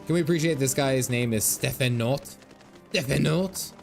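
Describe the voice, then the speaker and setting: A man in his thirties giving casual gameplay commentary, quick to laugh and full of dad jokes. His voice sits at a middling pitch, and faint game music plays behind him. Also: darkish tone. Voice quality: laughs often, jokey dad humor, reads game lines aloud. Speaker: streamer.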